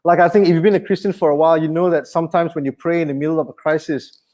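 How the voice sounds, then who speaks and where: High-voiced pastor. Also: male voice, racing. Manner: animated, conversational preaching with humor. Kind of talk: sermon.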